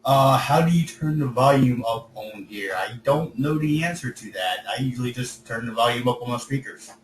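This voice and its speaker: A man runs an online coding class in a loose, joking manner, his voice getting hoarse. His voice sits at an ordinary pitch. It comes from a short way off the mic in an echoey room, with a faint hiss behind it. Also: moderate pace, far from the mic. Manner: relaxed, chatty, jokey with students. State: voice starting to go hoarse. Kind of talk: casual teaching over video call.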